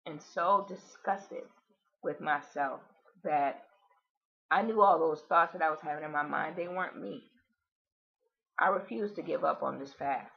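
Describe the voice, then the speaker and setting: A woman's voice: low voice, gravelly, highs cut off. Earnest woman in a confessional video diary. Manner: emotional, earnest, trying not to cry. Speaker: vlogger.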